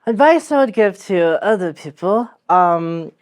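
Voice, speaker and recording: A young man, an actor, telling his own story in a casual, animated way, acting out what people said, with many fillers. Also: sits high, measured pace. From Philippines. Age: young adult.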